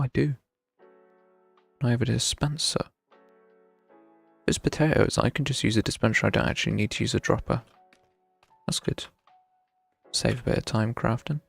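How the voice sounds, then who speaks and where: A young man talks his way through a game stream, counting out loud and laughing at his own bad luck. His voice sits at an ordinary pitch with a gravelly edge. Quiet music plays behind him. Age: young adult. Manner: chatty, thinks aloud while playing, wry self-mockery. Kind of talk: casual live gameplay commentary.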